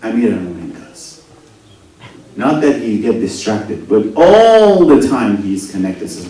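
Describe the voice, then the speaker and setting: A man preaching a sermon, swinging between loud rising lines and soft low asides, often asking the audience questions. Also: unhurried. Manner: animated, rising and dropping to near whispers, asks the audience questions. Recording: very echoey hall, voice from a distance.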